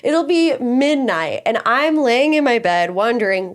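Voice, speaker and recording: Female co-host, slightly high voice, playful and teasing. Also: big pitch swings, measured pace. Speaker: podcast co-host. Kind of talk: casual chat.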